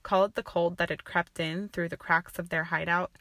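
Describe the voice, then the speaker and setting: A woman narrating a fan-fiction audiobook with an even, steady reading. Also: fairly low pitch, normal speed, no room sound.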